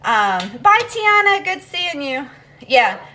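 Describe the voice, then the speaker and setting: A high-pitched woman with big pitch swings and a sharp tone takes her time speaking. She's live-streaming from home, walking between rooms and chatting rambly and casually with viewers, full of ums.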